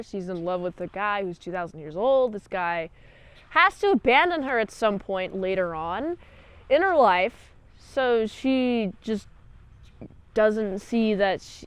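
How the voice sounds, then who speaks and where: A woman's voice: mid-range voice, animated, slow, clear, resonant tone. A woman giving a chatty, jokey review monologue, full of "like" and retellings. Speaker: video reviewer.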